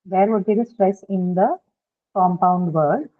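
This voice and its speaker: A woman's voice: mid-range voice, unhurried. A woman teaching an online phonetics lesson, asking frequent check questions and using many fillers. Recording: tinny phone-like call audio.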